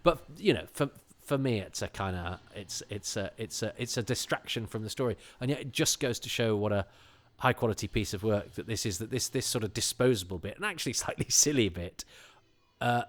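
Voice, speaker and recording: Low-voiced rambling enthusiastic man. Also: expressive, brisk. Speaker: podcast guest. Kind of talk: casual chat.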